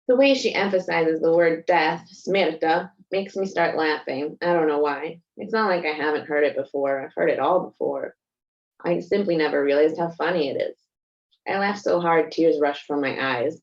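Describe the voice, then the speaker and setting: Woman author, low voice, reflective first-person reading; slightly muffled recording. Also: normal speed, darkish tone. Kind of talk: reading from her own novel.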